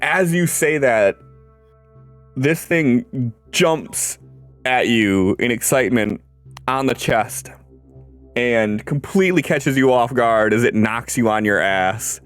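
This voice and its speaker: A man running a tabletop game as game master, narrating in a halting way full of ums and uhs. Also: mid-range voice, lively intonation, soft background music.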